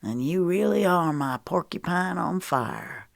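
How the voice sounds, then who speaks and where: A steady, soft-spoken man who is a former Navy SEAL and a devoted husband, voiced by a woman reading an audiobook. His lines come low and murmured, in a deep, dry voice with a slightly different colour from the narration. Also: unhurried, gravelly, dry recording. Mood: teasing.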